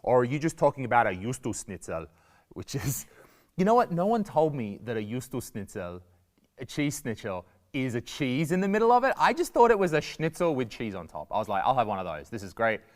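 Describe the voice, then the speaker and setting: A man with an Australian accent, a comedian talking to students in a lively, jokey way and acting out little quoted voices. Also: medium pitch, a little fast, long reverb tail. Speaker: comedian giving a guest lesson. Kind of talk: lively stand-up style talk to students.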